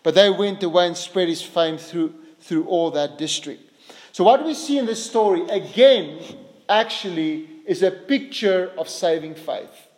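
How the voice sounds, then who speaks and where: A man preaching a sermon in an earnest way, his voice lifting higher and louder on quoted cries for mercy. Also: animated, measured pace, in a large hall. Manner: earnest, rises in pitch and volume for quoted pleas.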